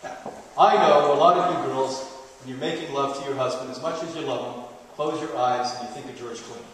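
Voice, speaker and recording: A man's voice: medium pitch, a little fast, recorded from a distance. A middle-aged man giving a live health lecture to an audience, a playful storyteller who jokes as he talks. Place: large hall. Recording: echoey hall, taped from afar.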